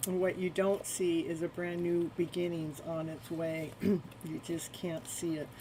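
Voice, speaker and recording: A woman's voice: fairly low pitch, level tone, unhurried, dark tone, a little hiss or hum, poor audio. A woman hosting a live tarot stream, repeating soothing spiritual phrases and chatting with viewers between cards. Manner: laughs often and chats with viewers.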